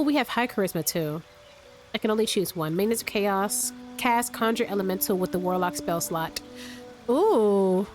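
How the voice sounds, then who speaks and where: Stuffy, slightly raspy woman thinking aloud. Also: medium pitch, darkish tone. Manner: thinks aloud, rambling with restarts. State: sick, stuffy and a little raspy. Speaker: let's play host. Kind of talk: casual gameplay commentary. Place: room at home.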